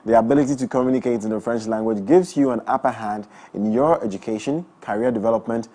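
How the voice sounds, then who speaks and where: A young man hosting a breakfast talk show, playful and quick to laugh, also reading live ads. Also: mid-range voice, dark tone. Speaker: morning show host. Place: studio.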